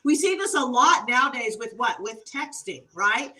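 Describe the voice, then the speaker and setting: Bright, lively woman guest, slightly distant mic. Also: a little high, moderate pace. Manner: animated, exclamatory, laughs often. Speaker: guest behavior consultant. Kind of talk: storytelling interview answers.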